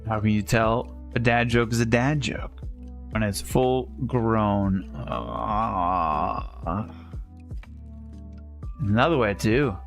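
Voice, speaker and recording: A man's voice: fairly low pitch, extremely slow, vocal fry, pauses often, soft background music. A man livestreaming a game, telling dad jokes in a rambling, self-amused way. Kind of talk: casual chat while gaming.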